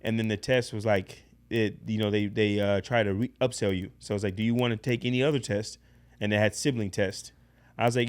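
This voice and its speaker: A man casually telling a personal story in a blunt, profane, animated way as a podcast guest. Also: lowish voice, brisk.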